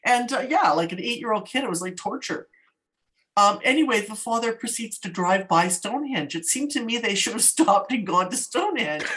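Chatty woman co-host from Canada, animated storyteller, laughs easily. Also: medium pitch, fairly quick. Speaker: podcast co-host. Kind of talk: casual chat.

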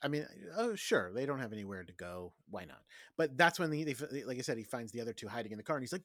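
A man co-hosting a casual podcast, recapping a film and acting out the characters' lines in quick voices. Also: medium pitch, animated, a bit bright, no echo, clean studio sound. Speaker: podcast co-host. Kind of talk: casual movie recap chat.

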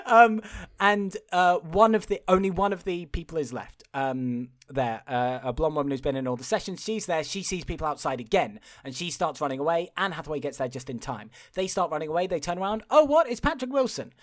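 A man co-hosting a podcast, recapping a film in casual chat, incredulous and swearing as he laughs through it. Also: high voice. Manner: animated, incredulous, swears and laughs while retelling. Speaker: podcast co-host.

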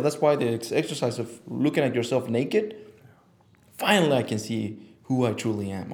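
Man, podcast guest, intense and profane, acts out quotes, mid pitch. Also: normal speed, a little mellow. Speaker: podcast guest, image consultant. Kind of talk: casual interview talk.

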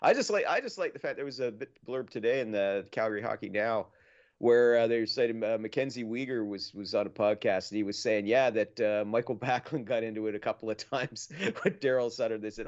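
A man's voice: fairly low pitch, a little fast, highs cut off. A man co-hosting a hockey podcast in casual chat, laughing often and acting out what others said. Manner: laughs often, acts out quoted voices. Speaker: podcast co-host.

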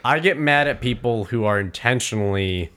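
A man's voice: mid-range voice, lively intonation, normal speed, fairly bright tone. A man chatting casually, blunt and profane as he explains his views on teamwork. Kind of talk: casual chat.

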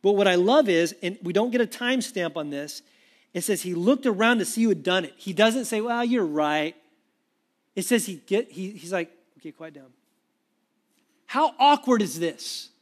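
A man preaching a sermon with animated, conversational storytelling. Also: high voice, brisk. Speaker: pastor.

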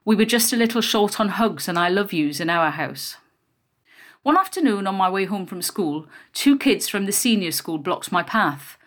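A woman narrating a first-person memoir in a quiet, measured storytelling voice. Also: mid-range voice.

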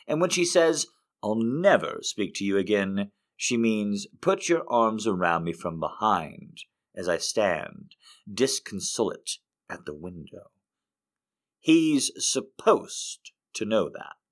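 A man hosting a show and reading poems aloud in an expressive way, lifting some lines and dropping others to a hush. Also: on the low side, takes it slowly. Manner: expressive reader, swings between lifted and hushed phrases. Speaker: host. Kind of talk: poetry reading.

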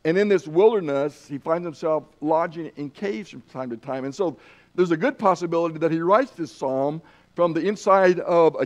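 High-voiced preacher man. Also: a little mellow, highs cut off. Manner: earnest, with many restarts and fillers. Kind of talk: sermon.

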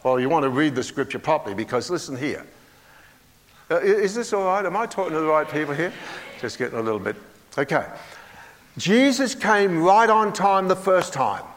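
Older preacher with a high voice in a reverberant hall. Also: male voice, very animated, moderate pace. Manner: folksy, humorous, asks the congregation questions. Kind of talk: sermon.

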